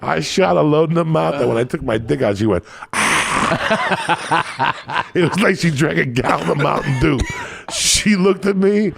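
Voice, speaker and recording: A man's voice: fairly high pitch, lively intonation, fairly quick, creaky, hardly any pauses. A man, a stand-up comedian, telling crude, profane stories on a podcast and laughing at his own jokes.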